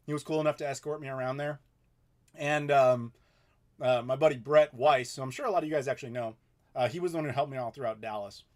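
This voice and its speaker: Speaking fast at a medium pitch, a man in his thirties hosts an informal home livestream answering questions. He's relaxed and talkative, laughs often, and sits with a desk mic in front of him.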